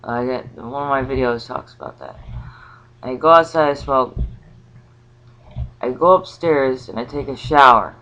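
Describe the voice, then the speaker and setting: A woman talking casually about a spiritual ritual, rambling and halting with many restarts. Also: rumbling low, fairly bright tone. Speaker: vlogger. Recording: slightly dull lo-fi sound.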